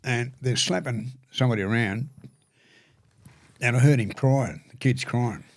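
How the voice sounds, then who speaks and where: An older Australian man, a podcast guest telling stories in a halting, earnest way, often repeating words. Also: medium pitch, vocal fry, no room sound. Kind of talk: storytelling conversation.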